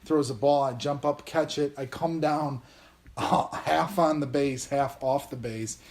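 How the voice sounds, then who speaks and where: A man's voice: medium pitch, measured pace, a little mellow. A man in his thirties hosting a casual podcast chat, telling a self-deprecating story. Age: 30s. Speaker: podcast host.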